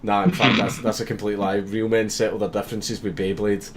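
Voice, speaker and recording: A man's voice: on the low side, little pitch movement, a little fast, a little hiss or hum. A young man hosting a livestream, reading viewer messages aloud with constant swearing and frequent laughter. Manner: swears constantly, laughs often, mock-reads comments. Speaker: livestream host.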